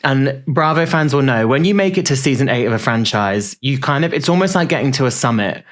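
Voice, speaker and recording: A man's voice: medium pitch, lively intonation, a little fast. A man co-hosting a podcast in casual, playful, rambling chat. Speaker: podcast co-host.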